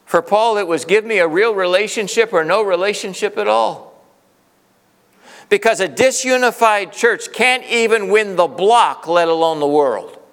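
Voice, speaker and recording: A male pastor preaching a sermon, swinging from loud, emphatic peaks to hushed asides. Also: high-pitched, moderate pace. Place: church sanctuary. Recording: reverberant church hall.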